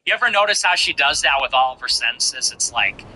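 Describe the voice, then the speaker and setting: A man hosting a show, commenting on a played clip in an animated, mocking way and slowly repeating phrases. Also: medium pitch, a little hiss or hum, poor audio. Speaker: show host.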